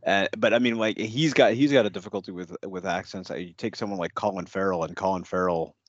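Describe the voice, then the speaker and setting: A male podcast co-host with a very low voice, talking about a film in halting, hedging phrases. The recording is dry and slightly dull, with no room sound. He stops and restarts often. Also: dry recording. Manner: halting, with frequent restarts and hedges. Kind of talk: casual film review chat.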